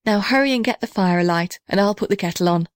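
A woman voicing a brisk, homely young countrywoman in a storybook. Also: mid-range voice, dry recording, clean studio sound, lightly acted. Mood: glad.

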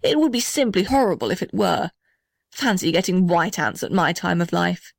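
A woman voicing an old male gum tree in a storybook, gentle and steady in manner. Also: lowish voice, moderate pace, gravelly, no echo, clean studio sound. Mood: fretful. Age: older.

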